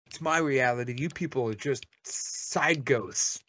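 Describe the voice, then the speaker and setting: A man's voice: mid-range voice, slow pace, long pauses, fairly bright tone, dry recording. A married man co-hosting a casual podcast, ranting animatedly and swearing freely. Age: adult, married. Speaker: podcast co-host.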